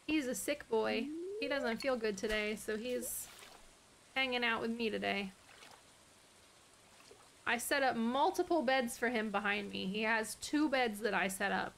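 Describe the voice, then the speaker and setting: A woman with a high-pitched voice narrates her live gameplay stream. She chats with viewers in a loose, exasperated way and swears often. Faint noise sits under her voice. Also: measured pace, vocal fry, long pauses. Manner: talks softly to her dog between game moments.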